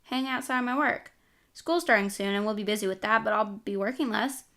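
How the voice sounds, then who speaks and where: A woman's voice: medium pitch, fairly quick, sharp tone. A woman reading a storybook aloud, voicing an easygoing teenage boy with a light, reassuring manner, close to her own voice. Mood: upbeat.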